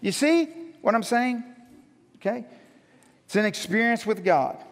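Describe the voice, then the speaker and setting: High-voiced preacher with long reverb. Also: male voice, unhurried. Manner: storytelling, self-mocking, animated. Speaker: pastor. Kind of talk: sermon.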